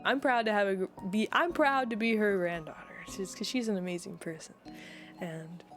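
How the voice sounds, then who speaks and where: A woman's voice: mid-range voice, normal speed, fairly bright tone, faint music behind. A young woman streamer chatting casually with her viewers, talking in a rambling, heartfelt way.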